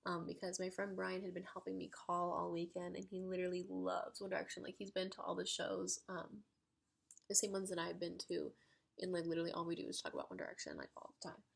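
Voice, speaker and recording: A woman telling a story to camera in an excitable, chatty way, full of "like". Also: fairly low pitch, fast talker, creaky. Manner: excitable, chatty, heavy use of "like". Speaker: storytime vlogger. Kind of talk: casual storytelling.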